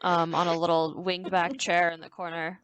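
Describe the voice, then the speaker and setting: A woman's voice: fairly low pitch, flat delivery, moderate pace, fairly bright tone. A woman playing in a tabletop game, talking in an easygoing way with fillers. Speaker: player. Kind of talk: casual chat in a tabletop game.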